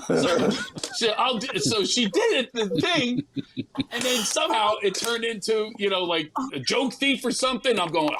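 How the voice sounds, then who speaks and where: A man, a comedian guest, telling a story in an animated way and acting out other people's lines in quick bursts. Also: extremely high pitch, background noise.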